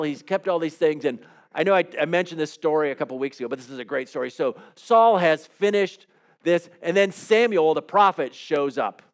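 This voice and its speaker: Man, pastor, sermon, expressive pitch, rhetorical questions, storytelling.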